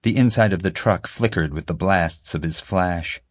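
A man narrating a story as an audiobook in a steady storytelling manner. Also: low voice, moderate pace, dry recording. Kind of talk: scripted narration.

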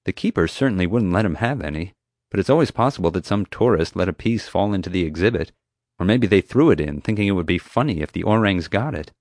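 A man's voice: low voice, lively intonation, fast talker, darkish tone, no room sound, studio quality. A man reading an audiobook, voicing a knowing mother who explains things patiently. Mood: explaining. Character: sharp, knowing mother, a woman. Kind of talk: audiobook character voice.

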